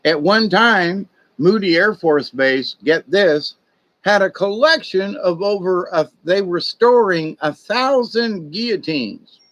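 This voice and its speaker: A man's voice: sits high, lively intonation, slow pace, a bit bright. A man telling rambling, folksy stories in a casual monologue, digressing often and sounding conspiratorial. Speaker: spiritual talk host.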